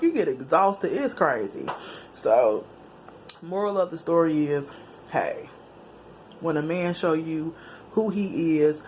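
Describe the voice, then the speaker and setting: Woman vlogger, chatty storytelling, faint background hiss. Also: deep voice. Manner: animated, chatty, with slang and laughs. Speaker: vlogger telling a personal story. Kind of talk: casual storytelling to camera.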